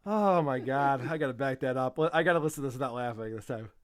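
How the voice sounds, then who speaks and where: A man's voice: medium pitch, fast talker. A man hosting a casual comedy podcast, talking in a mocking, sarcastic way and laughing often. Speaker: podcast host.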